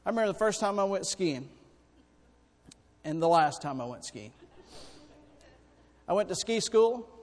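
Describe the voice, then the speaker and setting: Male preacher, high voice, folksy storytelling, long reverb from a church hall. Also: unhurried, long pauses. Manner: folksy, animated storytelling with sudden loud bursts. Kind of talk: sermon with personal stories.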